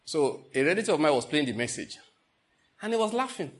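Nigerian preacher guy with an enugu accent, lively story-telling sermon, kinda high voice. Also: a little fast. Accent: Nigerian English, Enugu. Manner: animated storytelling with laughter and mock outrage. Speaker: pastor.

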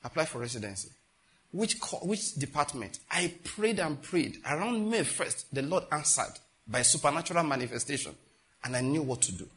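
Nigerian pastor guy preaching, tells stories, acts out voices, gets loud all of a sudden, bit high-pitched. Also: normal speed. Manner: animated storytelling, acts out dialogue with sudden loud outbursts. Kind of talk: sermon.

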